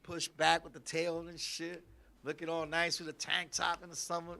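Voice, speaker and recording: A man telling a crude comic story, animated and profane, jumping between loud bursts and quiet asides. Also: a little high, normal speed, gravelly. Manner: profane, repeatedly addresses a listener by name.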